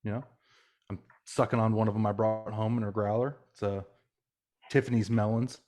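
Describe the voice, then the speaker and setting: Laid-back lower-voiced man chatting. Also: fairly even intonation, normal speed. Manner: laid-back, crude humor. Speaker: podcast co-host. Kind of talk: casual podcast chat.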